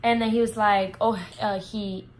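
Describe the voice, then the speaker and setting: A woman's voice: medium pitch, normal speed, a little hiss or hum, low-quality recording. A young woman vlogger telling a casual storytime, full of fillers and swearing. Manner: animated, heavy filler words, swears freely.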